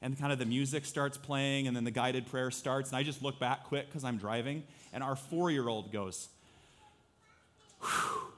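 Speaking in a mid-range voice at a moderate pace with hardly any pauses, a pastor in his thirties gives a conversational, animated sermon. He acts out little quotes from his family and listeners.

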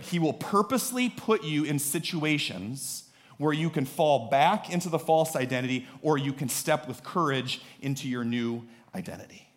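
A male pastor preaching a sermon, animated and joking, with sudden bursts of emphasis. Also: medium pitch.

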